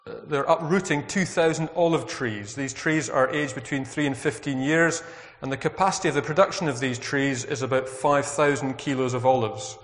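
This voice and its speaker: A man's voice: mid-range voice, normal speed, few pauses. Man preaching in a reverberant church. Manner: earnest, reflective, asks the congregation questions. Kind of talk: sermon. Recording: long hall reverb.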